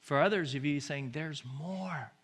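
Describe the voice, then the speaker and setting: A man preaching a sermon as pastor, booming through scripture and then dropping to soft, hushed appeals, often repeating words as he presses a point. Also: unhurried, breathy edge.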